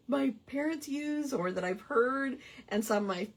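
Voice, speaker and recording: A woman's voice: high-pitched, unhurried, hardly any pauses. A woman hosting a casual craft hangout, chatty and playful, savoring quirky old words with giggles. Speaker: craft livestream host.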